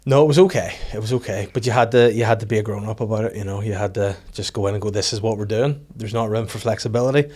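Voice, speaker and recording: A Northern Irish man hosting a comedy podcast, telling rapid, rambling stories in casual chat. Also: fairly low pitch, steady tone, a little mellow. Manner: rapid storytelling, acts out voices. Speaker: podcast host.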